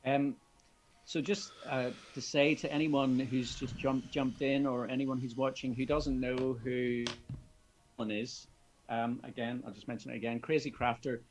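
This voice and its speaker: A man hosting a casual livestream, talking in a relaxed, thankful way with frequent hesitations. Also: mid-range voice, measured pace, highs cut off, soft background music. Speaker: channel host.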